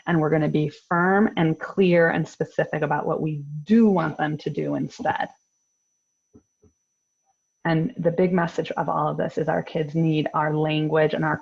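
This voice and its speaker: A woman in her thirties leads a parenting workshop over a video call, explaining calmly and firmly. Her voice sits a little low, with a husky, gravelly texture. The sound is dull and lo-fi, as a call mic gives it. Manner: calm, firm, explanatory. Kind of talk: online workshop presentation.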